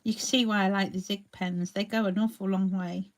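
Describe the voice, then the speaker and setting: Speaking fairly quickly with fairly even intonation at a medium pitch, a woman hosts a live crafting tutorial. She chats as she paints and greets viewers by name.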